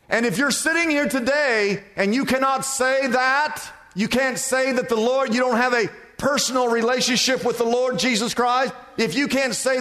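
A male pastor preaching in a church sanctuary, his voice ringing with a long hall reverb. He speaks high and slow, leaning on each phrase with emphasis, repeating himself and turning direct questions on the listeners. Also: a bit bright. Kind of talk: preaching a sermon.

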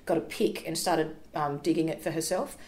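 An Australian woman telling stories in a casual chat, animated and laughing, acting out what people said. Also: low voice, normal speed, reverberant. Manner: animated, laughing storyteller who acts out quotes. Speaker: podcast guest.

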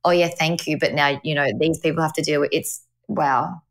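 A woman's voice: low voice, fairly even intonation, a little fast. A young woman, co-hosting a podcast in a chatty, supportive way, full of fillers. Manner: supportive, chatty, uses 'like' a lot. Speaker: podcast co-host. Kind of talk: casual chat.

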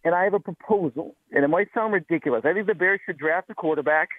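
A man from the Chicago area calling in to a sports radio show, slightly out of breath, chatty and quick to laugh. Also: on the high side, no echo. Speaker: caller. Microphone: phone. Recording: phone line.

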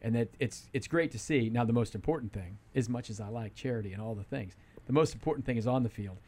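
A man in a radio studio holds forth about football at a middle pitch, circling back and restarting his sentences as he makes his point. His talk is casual, emphatic and a little rambling. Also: fast talker, a little mellow. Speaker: sports radio regular.

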